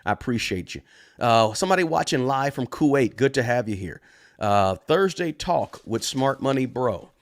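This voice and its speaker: Man, 50s, live-stream host, casual chatty delivery, mid-range pitch. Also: animated, moderate pace. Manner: chatty, calls audience "guys", greets viewers. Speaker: livestream host. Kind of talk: live Q&A chat.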